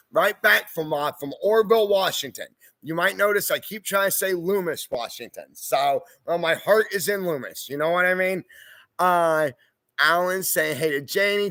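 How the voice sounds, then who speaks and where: A man hosts a casual livestream, reading viewer comments aloud and answering them in an easygoing, chatty way, often saying "y'all" and "hoorah." His voice is fairly high, pushed and bright. The recording is dry.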